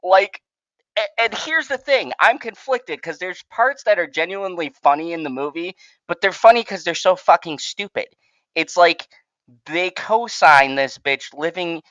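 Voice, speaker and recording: A woman co-hosting a podcast rants hard through a heated movie complaint, worked up, sweating, swearing, loud and emphatic in profane commentary. Her lowish voice is expressive at a moderate pace, and the recording is dry and rough.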